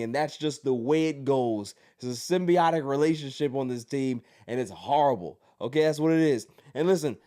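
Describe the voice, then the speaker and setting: Male sports podcast host with a slightly high voice, animated, ranting and joking. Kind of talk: casual sports commentary.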